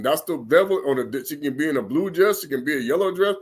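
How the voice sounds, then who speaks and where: A man's voice: on the high side, very animated, a little fast, husky. A man giving an informal spoken sermon, rambling and repeating himself as he acts out the people he quotes. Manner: rambling, repeats words, slips into quoted voices. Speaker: preacher.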